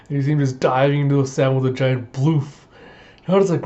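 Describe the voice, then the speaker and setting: A man casually recapping a manga chapter, acting out the characters' lines in quick, animated voices. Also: mid-range voice, dull audio. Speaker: manga reaction host.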